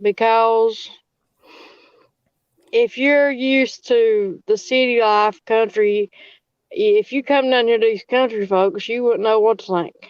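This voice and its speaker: A woman's voice: fairly high pitch, steady tone, slow, smooth, no room sound, muffled recording. A woman from Virginia with a Southern accent, chatting bluntly and teasingly as a guest on a live stream. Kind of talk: casual live-stream chat.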